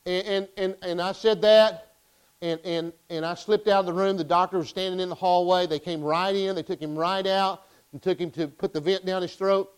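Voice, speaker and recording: A pastor from Arkansas, preaching a sermon and telling a story with impassioned, emphatic bursts. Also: male voice, sits high, steady tone, moderate pace, clear, resonant tone, poor audio.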